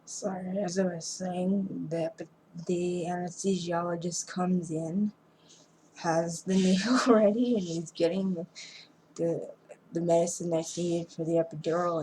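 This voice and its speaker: A woman's voice: fairly low pitch, flat delivery, dark tone, slight background noise, rough recording. A woman recapping a movie plot casually, rambling and restarting her sentences, sounding sleepy and yawning. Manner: rambling, halting retelling with many restarts. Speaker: amateur movie reviewer.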